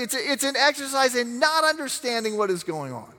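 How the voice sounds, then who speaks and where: A middle-aged man preaching a sermon, telling stories with lively acted-out voices. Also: very high voice, moderate pace, hardly any pauses, in a large hall. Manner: animated storytelling, acts out voices. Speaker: pastor.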